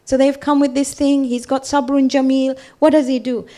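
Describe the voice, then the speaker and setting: At a ladies' gathering, a middle-aged woman with a high-pitched voice gives a religious lecture, telling stories and putting direct questions to her listeners. She's animated and recites scripture rapidly in Arabic.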